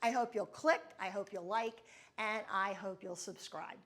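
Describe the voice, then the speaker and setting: A middle-aged woman talks straight to her listeners as a podcast host, telling a personal story. Her voice is mid-pitched, and her manner is candid and confiding. She stays reflective throughout. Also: a little slow, fairly bright tone.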